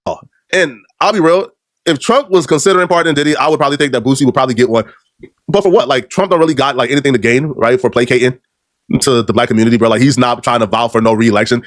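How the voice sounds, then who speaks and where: A man hosting a commentary video, talking in animated, mocking slang on a close, dry mic. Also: mid-range voice, fast talker, dry recording.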